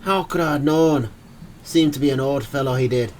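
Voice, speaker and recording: A man's voice: mid-range voice, moderate pace, a little mellow, a little hiss or hum, natural voice, low-quality recording. A man voicing a guilt-ridden young Irish immigrant, pleading breathlessly in an Irish accent. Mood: anguished pleading. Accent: put-on Irish.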